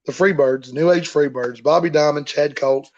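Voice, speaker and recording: A man's voice: on the high side, moderate pace, muffled recording. A man, a professional wrestler, telling stories in a rambling, folksy way during an interview. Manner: rambling, repeats himself, folksy. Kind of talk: casual storytelling in an interview.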